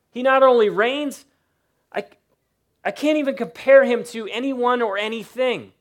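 A man preaching a sermon to his church, emphatic and slowing down to stress key points. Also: sits high. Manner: emphatic preaching, varies loudness and slows for emphasis. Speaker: pastor.

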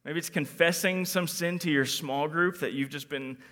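A man preaching an animated sermon to young people in a bright, forceful voice that sits a little high. He acts out quotes and swings between loud emphasis and quiet reflection. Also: moderate pace.

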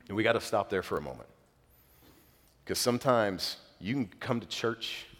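A man preaching a sermon as a pastor, earnest and conversational, dropping casual fillers as he speaks to his church. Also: lowish voice. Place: church sanctuary. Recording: long reverb of a large hall.

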